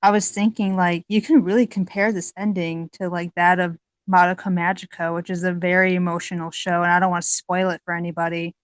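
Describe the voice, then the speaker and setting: A woman with a lowish, fairly even voice talks on a podcast panel. She sounds heartfelt and chatty and fills her sentences with "like". The sound is dry and close. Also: fairly quick, few pauses, dry recording. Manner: heartfelt, chatty, many fillers like "like". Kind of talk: casual podcast discussion.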